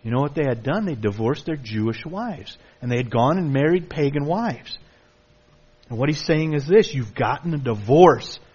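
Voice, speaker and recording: A man preaching a sermon, emphatic, with a middle-pitched voice. He reads scripture aloud and sometimes mimics excuses in a raised tone. The recording sounds slightly dull. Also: slightly rough. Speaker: pastor.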